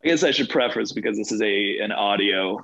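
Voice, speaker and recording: A man co-hosting a casual football podcast, delivering his jokes deadpan and sarcastic. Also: fairly low pitch, fairly quick, creaky, no echo. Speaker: podcast co-host. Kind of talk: casual sports chat. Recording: dull, dry lo-fi sound.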